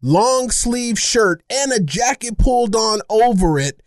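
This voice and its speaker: A man co-hosting a podcast, telling a rambling, self-mocking story in casual chat, animated and funny. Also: very high voice, a little slow, no room sound, studio quality. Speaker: podcast co-host.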